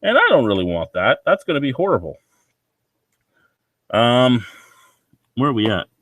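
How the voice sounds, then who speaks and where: A man's voice: mid-range voice, big pitch swings, moderate pace, fairly bright tone, dry recording. A man ranting in a casual vlog, rambling, swearing and sounding anxious. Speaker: vlogger.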